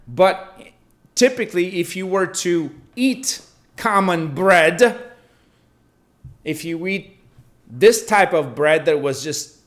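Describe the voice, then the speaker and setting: A man reading Bible verses aloud and then explaining them in a casual teaching manner, often checking in with "right?". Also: on the high side.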